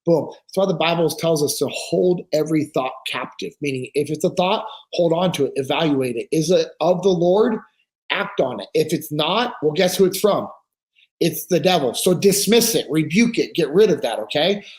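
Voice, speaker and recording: A man's voice: a little high, moderate pace. A man talking on a podcast, telling stories with earnest conviction and acting out the voices of the people in them. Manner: animated storyteller acting out quoted dialogue. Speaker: podcast speaker. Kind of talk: casual podcast conversation.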